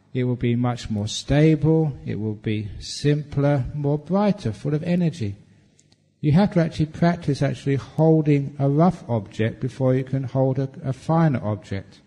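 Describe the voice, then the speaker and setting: A Buddhist monk answers retreat questions about meditation with easy humor and a mellow, warm tone. His relaxed, playful delivery rings out with a long reverb, as if he were speaking in a big hall. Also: mid-range voice.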